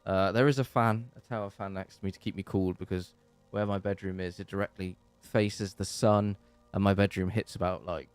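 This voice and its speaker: Chatty English man, low voice. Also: steady tone, normal speed, smooth, no room sound, soft background music. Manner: rambling, chatty, with many fillers and restarts. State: hot and sweaty. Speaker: channel host. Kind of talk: casual live-stream Q&A. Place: his bedroom.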